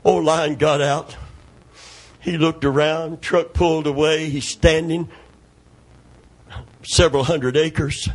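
A middle-aged man preaching a sermon, calling out to the congregation and breaking into loud shouts as he tells stories. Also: a little high, fairly even intonation, slow pace, long pauses. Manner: call-and-response preaching, calls for amen, storytelling, sudden shouts.

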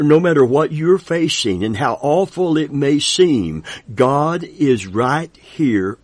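A man's voice: medium pitch, no room sound. A man in his seventies preaching a sermon with an emphatic, repetitive cadence, quoting scripture and praising God. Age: 70s.

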